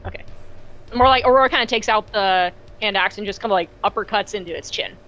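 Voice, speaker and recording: A woman playing a tabletop game, talking in a hesitant, halting way and often restarting her sentences. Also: mid-range voice, a bit bright, dull audio. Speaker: player.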